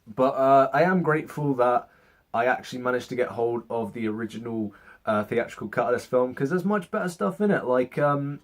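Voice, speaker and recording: A man's voice: mid-range voice, animated, brisk. Sarcastic young man reviewing a movie. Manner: sarcastic, swears, acts out scenes in mock voices. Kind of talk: casual spoken movie review.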